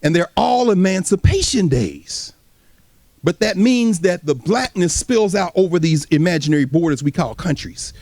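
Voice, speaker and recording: A man giving an animated history lecture to a live audience, talking casually and straight to the listeners and acting out voices from the past. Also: sits high, normal speed, no echo. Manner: casual, colloquial speech.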